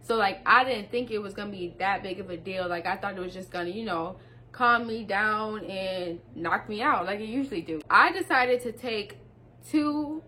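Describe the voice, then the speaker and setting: A young woman, telling a story to her viewers in a casual vlog, animated and laughing as she talks. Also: medium pitch, moderate pace.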